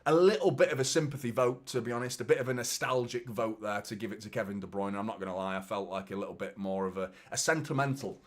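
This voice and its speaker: A man's voice: on the low side, fast, few pauses. A man hosting a live football watchalong stream, chatting casually and swearing, talking straight to his viewers and reading out their messages.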